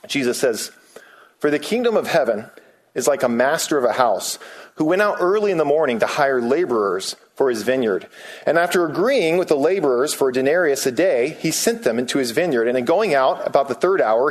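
A man of middle pitch preaching a sermon. He reads scripture passages aloud, then talks them through casually, with ums and restarts. When he quotes people, his voice rises. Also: lively intonation, fairly quick. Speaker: pastor.

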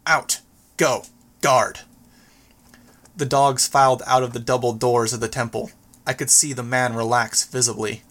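A man narrating a first-person story as an audiobook, reading in a steady, even way. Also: mid-range voice, a little fast.

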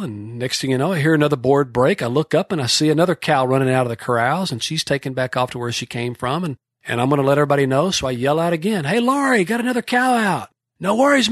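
A man's voice: mid-range voice, dry recording, clean studio sound. A man from Texas, a horsemanship clinician telling a folksy, rambling story with frequent restarts.

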